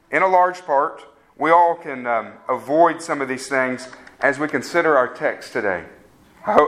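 A man's voice: mid-range voice, bright, forceful tone. A man preaching a sermon, conversational and asking the congregation questions. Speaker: pastor.

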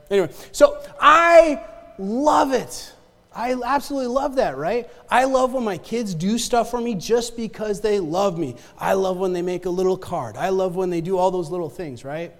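A man preaching a sermon in a conversational way, often checking in with the congregation and repeating himself as he talks. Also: sits high. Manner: conversational, repeats words, asks the congregation "right?" and "amen?". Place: church sanctuary. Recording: long hall reverb.

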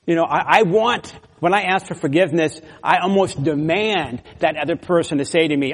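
A man's voice: fairly high pitch, moderate pace, breathy edge. A man preaching a sermon as pastor, earnest and emphatic, with brief laughs and restarts. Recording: long hall reverb.

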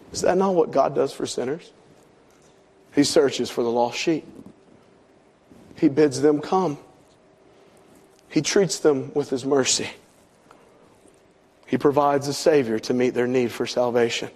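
A middle-aged man, preaching a sermon with swelling emphasis and soft drops. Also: mid-range voice, measured pace, long pauses. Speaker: pastor.

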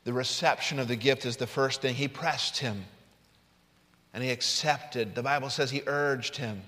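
A man's voice: mid-range voice, moderate pace, pushed and bright. A man preaching a sermon who reads scripture aloud and animatedly acts out the characters. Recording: long reverb in a large room.

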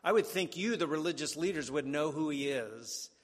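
A man's voice: fairly high pitch, lively intonation, normal speed. A man voicing a healed, formerly blind man who answers his questioners earnestly, in a hall with long reverb. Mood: insistent.

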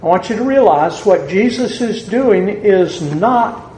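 A man with a Southern US accent preaching a sermon to a congregation in a church, deliberate and building to emphatic peaks. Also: high voice, expressive, mellow, slight background noise. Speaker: pastor. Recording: echoey church room with faint ambience.

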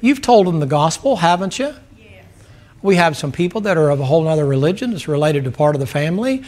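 A man's voice: a little high, fast talker. A man, preaching a sermon in a folksy, joking manner. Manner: folksy, animated preaching with jokes. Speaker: pastor.

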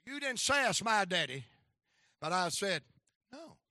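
A man preaching a folksy storytelling sermon with a North Carolina accent, rising now and then to shouts of praise. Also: high-pitched, big pitch swings, normal speed, no room sound, studio quality.

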